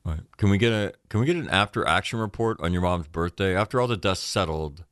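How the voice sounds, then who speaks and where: A man's voice: deep voice, expressive, fast, a bit bright, no echo, clean studio sound. A man hosting a podcast, talking in a blunt, profane, bantering way. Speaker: podcast host. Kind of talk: casual podcast chat.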